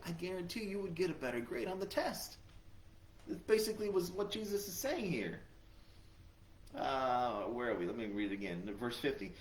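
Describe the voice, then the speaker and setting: Lively, animated man teaching the Bible. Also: on the high side. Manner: conversational, animated, often asks "right?". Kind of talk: Bible study lesson. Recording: echoey room.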